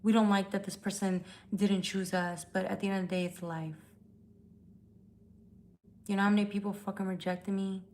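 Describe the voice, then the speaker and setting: A woman's voice: medium pitch, little pitch movement, normal speed, pauses often, darkish tone. A woman hosting a live tarot stream, talking bluntly and swearing as she calls out viewers. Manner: blunt, profane, confrontational. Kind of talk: casual live-stream chat. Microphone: phone.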